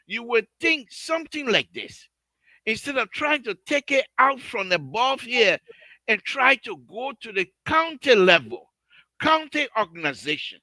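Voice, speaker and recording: A man hosting a heated radio call-in debate, animated and repeating himself when he gives ground. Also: very high voice, unhurried, no echo, poor audio. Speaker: radio show host.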